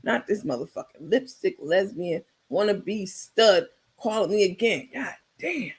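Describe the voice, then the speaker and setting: A woman putting on the voice of a weary grown man who talks in a flat monotone with no feeling. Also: medium pitch, measured pace, husky. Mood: grumbling. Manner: monotone, emotionless delivery.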